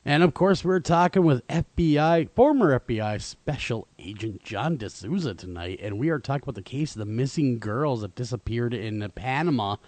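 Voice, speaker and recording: A man's voice: mid-range voice, expressive, normal speed, hardly any pauses, darkish tone, no room sound. A man hosting a talk radio show, chatting casually with many fillers and restarts. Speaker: radio host.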